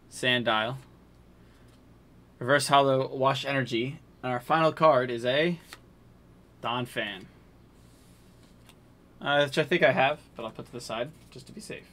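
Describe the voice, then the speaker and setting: Man, live-stream host, bright tone, medium pitch, chatty, hype bursts, low mumbles while sorting. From New England. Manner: chatty, hypes pulls, jokes with chat. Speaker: streamer opening card packs. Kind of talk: casual live-stream chat.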